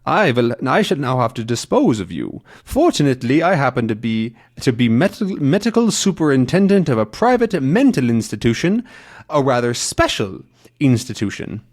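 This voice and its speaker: A man's voice: medium pitch, big pitch swings, moderate pace. A man voicing a smug, menacing male villain from a comic, with a put-on mock German accent. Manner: exaggerated, threatening, gloating.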